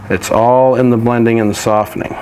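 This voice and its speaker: A man teaching a painting lesson, walking through each step in a relaxed, practical way while he works. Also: medium pitch, fairly quick, slight background noise. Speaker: painting instructor.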